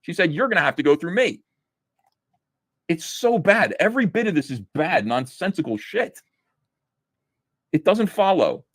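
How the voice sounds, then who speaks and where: A sarcastic man tears into a comic with a lively, swinging pitch. His voice is close and dry, with no room around it. He sounds incredulous at every line he reads. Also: normal speed, long pauses, no echo. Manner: sarcastic, incredulous, laughs at the text. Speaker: comic book reviewer. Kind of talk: mocking read-through review.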